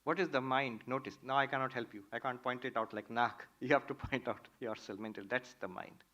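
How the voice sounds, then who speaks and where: A man, a monk giving a spiritual talk, telling stories in a lively, playful way. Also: medium pitch, a little fast, dull audio. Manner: animated, playful storyteller. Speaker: monk teaching Vedanta.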